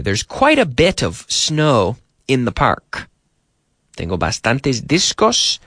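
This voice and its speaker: A man's voice: medium pitch, wildly swooping pitch, takes it slowly, fairly bright tone, no room sound. A man teaching English on a radio show from a studio, often repeating and rephrasing for learners. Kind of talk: radio language lesson. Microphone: studio microphone.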